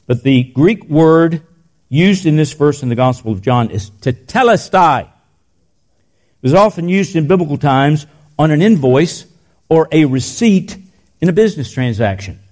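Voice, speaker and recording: An older man preaching a sermon in a church, telling stories and dropping into soft, intense passages. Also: fairly high pitch. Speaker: pastor.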